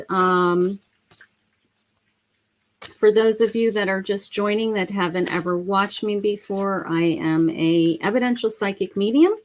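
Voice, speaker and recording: A middle-aged woman giving a live psychic reading, speaking gently and emotionally with many pauses and fillers. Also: mid-range voice. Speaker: psychic medium.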